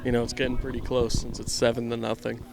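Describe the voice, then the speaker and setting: A man's voice: medium pitch, completely flat delivery, fast talker, gravelly, background noise. A young man giving casual, rambling baseball commentary outdoors, tired and self-mocking, trailing off now and then. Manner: laid-back, rambling, self-mocking, trails off mid-sentence.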